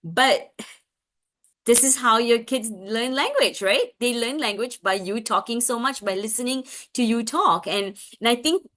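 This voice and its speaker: A woman's voice: on the high side, measured pace, slight background noise. A woman speech therapist giving a parenting webinar talk, chatty, with many fillers and restarts. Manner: acts out lively sing-song examples.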